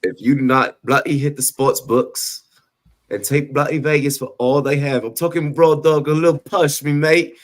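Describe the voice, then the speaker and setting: Man doing a high, brash fake British-Irish bloke, rowdy and profane. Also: fairly even intonation, normal speed, lightly acted. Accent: fake British drifting Irish. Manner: rowdy, cursing, exaggerated slang.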